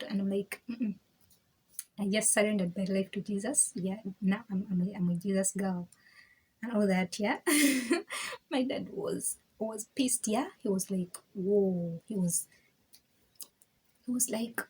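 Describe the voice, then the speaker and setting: A woman's voice: medium pitch, unhurried, slightly rough. A young woman, telling her story in a casual personal video, laughing and acting out other people's words. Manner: animated, laughing, acts out quoted voices. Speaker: vlogger.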